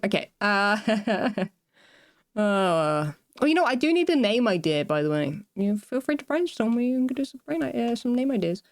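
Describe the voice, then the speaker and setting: A woman with a medium-pitched voice, recorded with no echo, streams herself building in a game. She chats casually and rambles, interrupting herself mid-sentence and laughing as she talks to her viewers.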